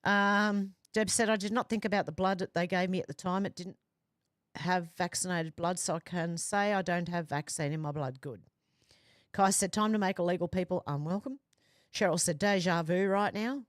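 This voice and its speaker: Low-voiced woman chatting on a livestream. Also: moderate pace, no room sound, studio quality. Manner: chatty, reads comments aloud with asides and fillers. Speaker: livestream host. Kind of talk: casual livestream chat reading viewer comments.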